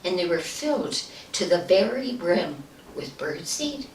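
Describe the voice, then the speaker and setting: A woman giving a storytelling speech at a club meeting, acting out the voices and dropping to a hush for punchlines. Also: fairly low pitch, measured pace. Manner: animated, acts out voices, hushed at punchlines. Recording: echoey room, distant mic, faint noise.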